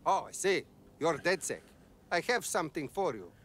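A blunt laid-off tech worker from a video game, his English clipped and broken. The voice sits high and swings widely in pitch. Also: very animated, normal speed, a bit bright.

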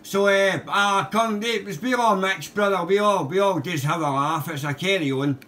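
A man's voice: high voice, normal speed, bright, forceful tone. A Glaswegian man chatting over amateur radio, friendly and talkative, calling the other man brother and mate. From Scotland. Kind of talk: casual radio contact chat.

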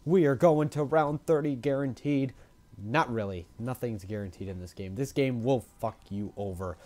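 Excitable young man commentating gameplay. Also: mid-range voice, moderate pace, a little hiss or hum. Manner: excitable, swears, rambles and repeats phrases.

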